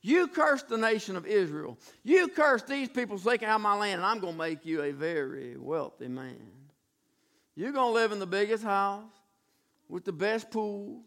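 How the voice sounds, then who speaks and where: A wealthy king, pushy and impatient, smooth-talking his offers and snapping in exasperation as a preacher acts him out in a sermon. The voice is very high and bright, with a forceful edge. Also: lively intonation, normal speed. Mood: persuasive.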